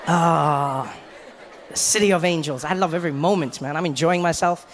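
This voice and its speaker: A man doing relaxed stand-up comedy, chatting with the crowd and acting out his friends' voices. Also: fairly high pitch, moderate pace, long reverb tail, a little hiss or hum. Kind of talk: stand-up storytelling.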